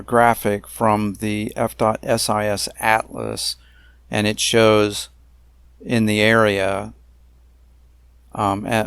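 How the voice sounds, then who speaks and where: A man narrating a slideshow about a dispute, talking in a deliberate, emphatic way with frequent pauses and fillers. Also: fairly low pitch, clear, resonant tone, dry recording, clean studio sound. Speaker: narrator of a self-made video complaint series.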